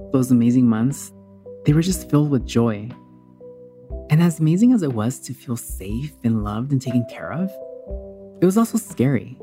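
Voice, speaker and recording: A woman's voice: very deep voice, mellow. Heartfelt woman telling her own story. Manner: candid, heartfelt, conversational. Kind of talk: personal storytelling.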